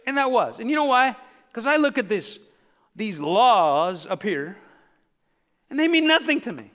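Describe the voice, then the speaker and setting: A man preaching a sermon as pastor, building to shouts and calling on the congregation to answer back. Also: very high-pitched, very animated, a little slow. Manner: preaching with rising shouts and call-and-response. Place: church sanctuary. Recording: long reverb of a church hall.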